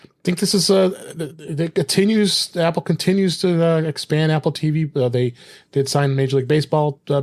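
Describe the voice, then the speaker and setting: A man hosting a casual tech podcast with an easy, filler-heavy delivery. His voice sits a little high. He reads out news items between chatty asides. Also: darkish tone. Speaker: podcast host.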